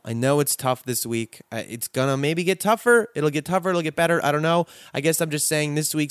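A man's voice: on the high side, clean tone, no echo, clean studio sound. A man hosting a podcast, giving an earnest, profane pep talk to his listeners as he signs off. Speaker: podcast host. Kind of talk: impassioned solo podcast sign-off.

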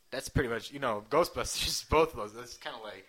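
A man's voice: medium pitch, moderate pace, fairly bright tone, breathy edge. A man co-hosting a casual chat, teasing and joking in a dry way. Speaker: podcast co-host.

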